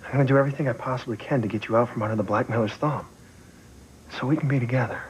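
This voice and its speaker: An actor playing an eager young boyfriend who talks quickly and turns hotheaded when provoked. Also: male voice, medium pitch, slight background noise, close to an everyday voice, poor audio. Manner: fast and eager.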